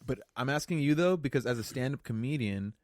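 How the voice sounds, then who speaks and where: A man co-hosting a podcast in casual chat, talking haltingly with many fillers and questions. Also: medium pitch, expressive, a little mellow, no echo, studio quality. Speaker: podcast co-host.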